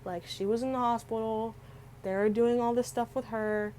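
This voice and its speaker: A woman's voice: a little high, fairly even intonation, normal speed, dark tone, slight background noise, rough recording. A teenage girl telling a personal story in a casual, rambling way, full of "like" and restarts. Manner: rambling, heavy use of "like", many restarts. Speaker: vlogger.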